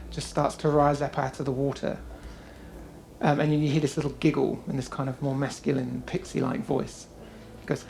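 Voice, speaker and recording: A woman with a low, gravelly voice runs a tabletop game, narrating casually and stopping often for fillers. A faint hiss sits under the recording. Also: flat delivery, moderate pace, a little mellow. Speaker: game master.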